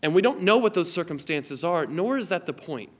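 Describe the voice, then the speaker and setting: A man's voice: sits high, animated, fairly quick, slightly rough. A man in his thirties preaches a sermon recorded for online viewers. He tells stories earnestly and reads scripture aloud, and his voice sits slightly above the usual male range. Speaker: pastor.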